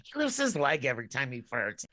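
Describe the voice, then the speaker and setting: A woman's voice: extremely low pitch, huge pitch swings, a little fast, sharp tone, dry recording. A woman co-hosting a podcast in casual chat, easygoing and giggly, often trailing off mid-thought. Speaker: podcast co-host.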